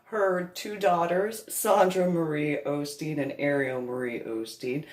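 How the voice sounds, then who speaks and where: A woman's voice: deep voice, fairly even intonation, measured pace, echoey room. A woman telling a comic family story, laughing often as she goes. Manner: laughs through her telling. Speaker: comedic storyteller. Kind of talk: comedic personal anecdote.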